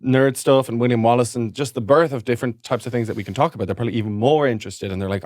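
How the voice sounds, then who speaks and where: A man's voice: medium pitch, steady tone, very fast, few pauses, darkish tone, no room sound. Rambling man in a dry studio. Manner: rambling, anecdotal, trails off. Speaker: podcast co-host. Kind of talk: casual comedic chat.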